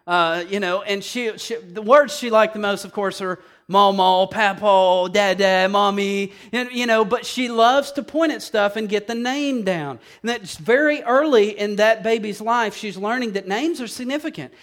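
A male pastor delivers a sermon in a casual, chatty way, mixing scripture with humorous asides. His voice rides slightly above the usual male pitch. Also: normal speed, hardly any pauses, fairly bright tone. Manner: conversational preaching, asides and humor.

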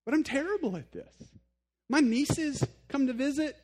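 A man's voice: very high-pitched, expressive, moderate pace, darkish tone. A male pastor giving a sermon in a conversational, earnest way, speaking straight to his listeners and poking fun at himself. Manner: conversational, self-deprecating humor; addresses listeners directly, earnest.

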